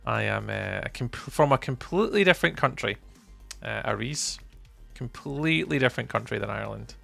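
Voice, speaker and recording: A man with a softened Scottish accent chats loosely with his stream audience, his voice heavily gravelly with a bright, forceful edge. He rambles through replies with lots of ums and restarts while faint music plays behind him. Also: medium pitch, animated, a little fast. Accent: mild Scottish. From Scotland. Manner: rambling, friendly replies to chat with many fillers and restarts. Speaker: livestreamer. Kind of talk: casual live-stream chat with viewers.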